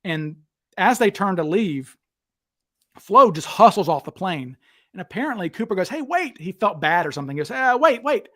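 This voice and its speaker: A man hosting a casual chat, retelling stories with lively acted-out quotes. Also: high voice, moderate pace. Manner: animated, acts out quotes with raised voice. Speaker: podcast host.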